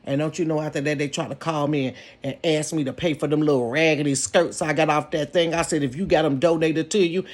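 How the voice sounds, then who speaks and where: A woman telling a story from her bedroom in a sassy, animated way, calling her viewers "baby" and "honey". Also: low-pitched, quick pace, few pauses. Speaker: storytelling vlogger. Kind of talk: casual storytime.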